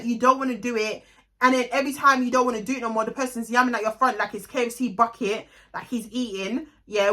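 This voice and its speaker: A young London woman tells a storytime tale in a casual vlog. Her voice is bright and clear, a little high for a woman. She is blunt, animated and swears freely. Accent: London English. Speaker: vlogger.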